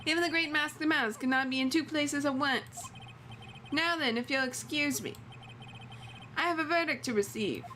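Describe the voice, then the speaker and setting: A woman's voice: high-pitched, normal speed, bright, forceful tone, a little hiss or hum. A woman reading the lines of a gloating male masked thief on trial in a courtroom game, in her own voice. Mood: smug. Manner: gloating, self-satisfied.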